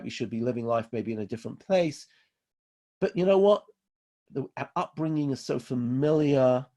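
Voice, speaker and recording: A man's voice: mid-range voice, darkish tone. A man from England, a rabbi giving a Torah lecture in an emphatic way, repeating key phrases to drive them home. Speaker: rabbi teaching a class.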